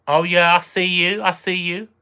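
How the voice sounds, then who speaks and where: A streamer with a medium-pitched, level, clean voice that's pushed and bright talks at a moderate pace. Chatting casually with viewers, they ramble, repeat phrases, trail off hunting for words, and react aloud to chat messages.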